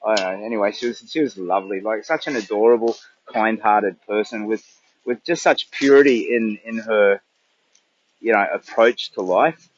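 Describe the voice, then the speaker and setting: A man's voice: lowish voice, moderate pace, lo-fi sound. Rambling older Australian man livestreaming. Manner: rambling, chatty, thinks aloud. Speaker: charity walker livestreaming. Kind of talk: casual livestream chat.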